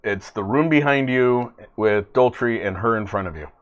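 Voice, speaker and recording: A man narrating as game master of a tabletop role-playing game, in a halting, filler-heavy way. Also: mid-range voice, dull audio.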